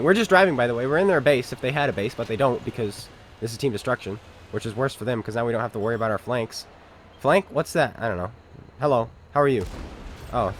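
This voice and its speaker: A man's voice: mid-range voice, fairly bright tone, slight background noise. A man giving sarcastic, joking commentary over a tank game, talking to enemies and viewers as he plays. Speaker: gaming commentator. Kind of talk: casual gameplay commentary.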